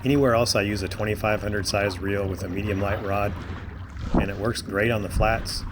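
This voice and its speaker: A man calmly explaining his fishing gear choices in a voice-over. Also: lowish voice, moderate pace, heavy background noise. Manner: calm, matter-of-fact. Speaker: fishing channel host.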